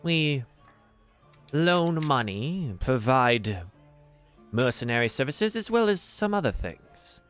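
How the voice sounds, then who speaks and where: A man's voice: mid-range voice, very animated, slow pace, a bit bright, smooth, soft background music, voice pushed up. A man voicing a genial retired male adventurer who works as a sly, friendly faction contact.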